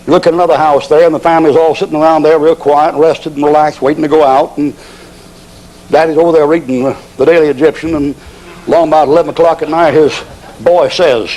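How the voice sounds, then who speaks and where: A man's voice: a little high, fairly even intonation, fast talker, a little mellow, poor audio. A man preaching a storytelling sermon, folksy and acting out characters in dialogue.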